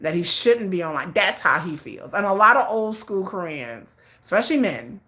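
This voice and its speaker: Chatty, bright-voiced woman livestream host. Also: on the low side, big pitch swings, normal speed. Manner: chatty and emphatic, repeats and restarts, addresses viewers directly. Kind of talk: casual livestream commentary.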